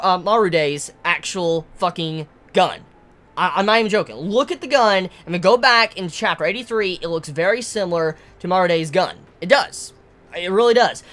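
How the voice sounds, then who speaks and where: Woman ranting about a manga chapter, lively pitch all over, swears a lot, trips on words. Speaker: manga reviewer. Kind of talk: casual commentary.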